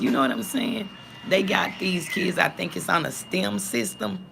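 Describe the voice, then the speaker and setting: A woman vlogger, talking bluntly to her viewers, cursing and swinging between calm and heated. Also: mid-range voice, moderate pace, creaky, noisy background. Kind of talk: casual talk to viewers.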